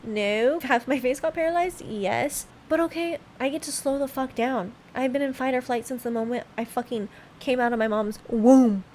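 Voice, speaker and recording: A woman in her late twenties talks through a reflective solo podcast in a candid, emotional way, with frequent swearing. Her voice sits a little higher than most women's. A faint hiss of noise lies under the recording. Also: moderate pace, few pauses, darkish tone. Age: late 20s. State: tearful at times. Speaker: podcast host.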